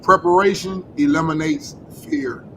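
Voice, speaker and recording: A man with a high-pitched voice, speaking on a casual panel in an emphatic, preachy way. He repeats his points for weight and swears freely. Faint background noise runs under his voice. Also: a little slow. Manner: emphatic, preachy advice, profane.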